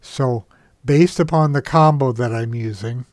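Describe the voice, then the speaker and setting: A man walks through a software screen in a tutorial, unhurried, pausing often with "uh" and correcting himself. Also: mid-range voice, no echo, studio quality. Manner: unhurried, many "uh" pauses and self-corrections. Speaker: trading software instructor.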